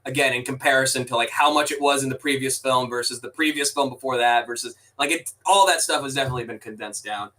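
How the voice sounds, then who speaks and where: A man's voice: mid-range voice, fast talker, hardly any pauses, bright, forceful tone, far from the mic, poor audio. A man co-hosting a podcast, chatting casually about a film in rambling, restarting sentences with the odd swear. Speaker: podcast co-host. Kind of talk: casual movie review chat.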